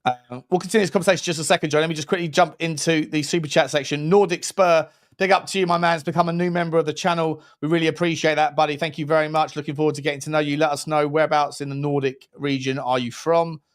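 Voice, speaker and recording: A man co-hosting a football talk livestream, chatty and upbeat, with blunt opinions and quick shout-outs to viewers. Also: on the high side, little pitch movement. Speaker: co-host.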